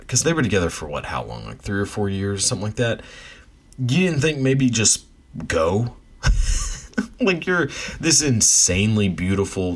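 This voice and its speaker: Deep, husky man ranting bluntly. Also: a bit bright. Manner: blunt, profane, laughs between points. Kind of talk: casual rant.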